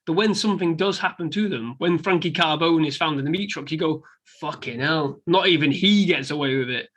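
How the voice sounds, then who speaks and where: Lively swearing man reviewing a film. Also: fairly high pitch, a little fast. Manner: animated, swears freely, acts out quotes. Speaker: podcast co-host. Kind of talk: casual film review chat.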